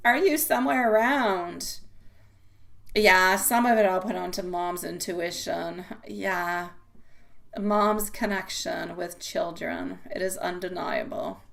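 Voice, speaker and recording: A middle-aged woman hosts a live tarot stream with a bright, clear tone. She talks to viewers warmly, calling them sweetie and my love. Her talk rambles and circles back with repeated words. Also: on the low side, fairly even intonation, takes it slowly. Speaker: tarot reader.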